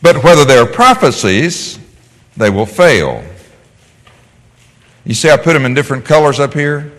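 Animated male Bible teacher in a reverberant hall. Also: mid-range voice, moderate pace. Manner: animated, asks the class questions and answers them.

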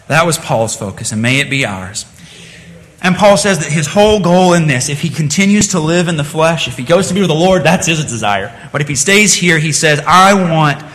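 An earnest, plain-spoken man delivers a sermon in a church sanctuary, recounting a story with many restarts and a rising, falling cadence. His voice is fairly high and fairly bright, with slight background noise and the long reverb of a hall.

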